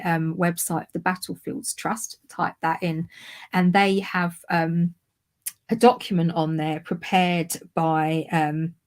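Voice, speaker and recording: A woman hosting a history livestream, chatting casually and laughing at herself over a video call. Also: fairly low pitch. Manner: chatty, self-deprecating, laughs often. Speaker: history podcast host.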